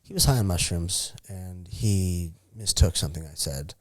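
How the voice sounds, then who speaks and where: A middle-aged man with a lowish voice, sharing stories as a podcast guest. He swears a lot and laughs as he goes, in a loose, chatty way. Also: moderate pace. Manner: profane, storytelling, laughs often. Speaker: podcast guest, former fighter. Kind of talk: casual chat.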